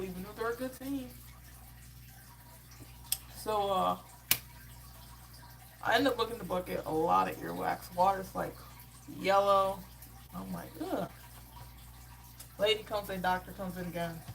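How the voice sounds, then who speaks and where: A woman's voice: medium pitch, moderate pace, gravelly, pauses often, poor audio. Exasperated woman chatting casually on stream. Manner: exasperated, slangy storytelling with animated asides. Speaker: live-stream host. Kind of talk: casual live reaction chat and storytelling.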